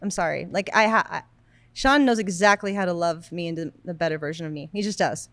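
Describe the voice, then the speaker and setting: A woman's voice: fairly low pitch, brisk, fairly bright tone, no echo. A woman in her thirties co-hosting a podcast, talking in a blunt, emphatic casual way. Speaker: podcast co-host. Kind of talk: casual chat.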